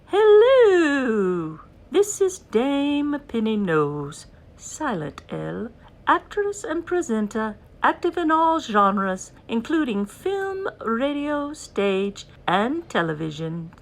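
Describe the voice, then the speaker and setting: A woman's voice: a little high, big pitch swings, slow, exaggerated voice, poor audio. A woman playing a vain, pompous British stage dame who declaims her own credits in a grand, theatrical British accent. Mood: grandiose. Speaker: guest host.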